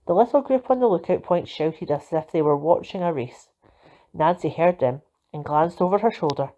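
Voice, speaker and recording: A woman narrating a children's storybook in a steady, expressive reading voice. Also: lowish voice, normal speed. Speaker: volunteer reader. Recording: dull lo-fi recording.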